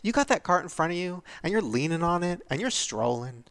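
A man's voice: fairly high pitch, sing-song, brisk, vocal fry, fairly bright tone. Tearful, candid man in his thirties. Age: 30s. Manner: candid and vulnerable, laughing through tears. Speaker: podcast host. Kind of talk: confessional podcast monologue.

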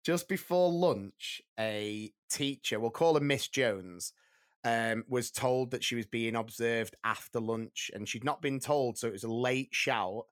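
A man with an English accent telling a lively story in a casual podcast chat, laughing along as he goes. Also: mid-range voice, a little slow, dry recording, clean studio sound. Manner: animated storyteller who keeps laughing as he tells.

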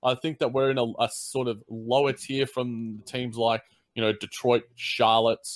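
A man's voice: medium pitch, little pitch movement, normal speed. A man with an Australian accent chatting casually about basketball on a podcast, loose and teasing. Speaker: podcast co-host. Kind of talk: casual sports chat.

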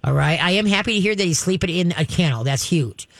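A woman's voice: on the low side, animated, quick pace, dry recording. Direct, chatty woman dog trainer. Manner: direct, instructive, chatty with laughs. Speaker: radio show dog trainer host. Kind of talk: advice call-in talk.

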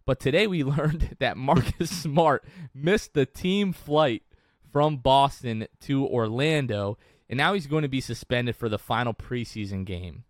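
A man's voice: mid-range voice, measured pace, dry recording. A man co-hosting a sports podcast, talking casually and rambling with frequent restarts. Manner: rambling, chatty, many restarts. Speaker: podcast co-host. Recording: dry close-mic sound.

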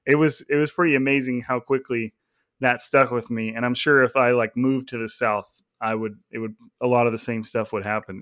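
Relaxed male sports podcast host. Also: mid-range voice, no echo, clean studio sound. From California. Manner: relaxed storytelling with fillers and laughs. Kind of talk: casual sports podcast chat.

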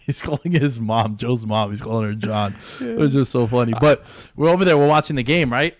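A young man hosting a casual podcast, telling sports stories with excitement and plenty of swearing. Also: medium pitch, a little fast, few pauses, dry recording, studio quality. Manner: excitable storyteller, swears freely. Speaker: podcast host. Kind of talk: casual chat.

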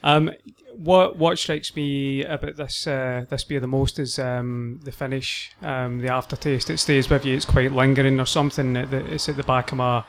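A man, a guest, slowly musing on a beer's taste in casual chat. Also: mid-range voice, fairly even intonation. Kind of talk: casual beer tasting.

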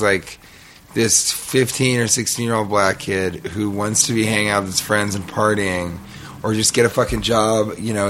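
A man casually telling a long, rambling story in podcast chat, animated and laughing as he goes. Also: on the low side.

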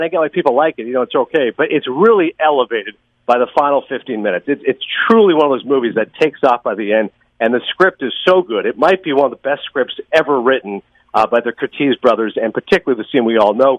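A man talking about films on a podcast, fast and enthusiastic, with lots of opinions. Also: mid-range voice, animated, no room sound, muffled recording. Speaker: podcast guest, film critic. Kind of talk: casual podcast chat.

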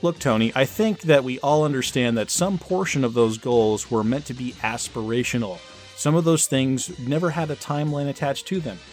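A man playing a calm, reasonable debater. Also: medium pitch, lightly acted. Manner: measured, lecturing. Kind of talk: mock debate.

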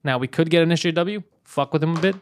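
A man's voice: on the high side, quick pace, a little hiss or hum. A man co-hosting a podcast, reading news aloud in loose, joking banter and swearing freely. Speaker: podcast co-host.

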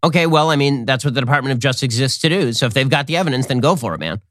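Fast, sarcastic male commentator. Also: medium pitch, no room sound, studio quality. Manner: sarcastic, animated. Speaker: host. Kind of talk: political commentary monologue.

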